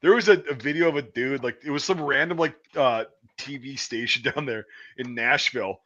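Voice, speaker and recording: A man's voice: mid-range voice, fairly quick, a bit bright. A man telling stories in casual banter, rambling and swearing freely with laughs. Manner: rambling, profane, laughing storyteller. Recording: dull lo-fi sound.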